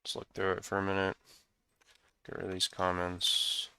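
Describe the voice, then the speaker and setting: Low, gravelly man coding aloud. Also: monotone, moderate pace, sharp tone, a little hiss or hum. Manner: thinking aloud, musing. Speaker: programmer screencasting code. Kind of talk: casual coding walkthrough.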